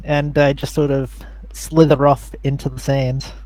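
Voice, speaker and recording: A man's voice: mid-range voice, little pitch movement, measured pace, darkish tone. A man playing a tabletop role-playing game, talking in character with a laid-back, wry manner. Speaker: player.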